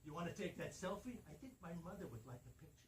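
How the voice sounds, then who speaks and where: A sly green gorilla , as a man telling a story puts it on, lands a teasing punchline with lively ups and downs in pitch. The voice sits in an echoey studio, picked up from off to the side, with background noise underneath. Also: fast, distant mic. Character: huge green male gorilla, sly and playful.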